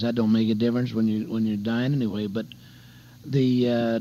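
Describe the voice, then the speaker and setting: An older evangelist man tells a heartfelt story on a radio sermon, in a folksy, down-to-earth manner. His voice sits at a middle pitch and comes through a dull, muffled lo-fi broadcast recording. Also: warm tone. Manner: folksy testimony, addresses listeners as beloved and dear friends.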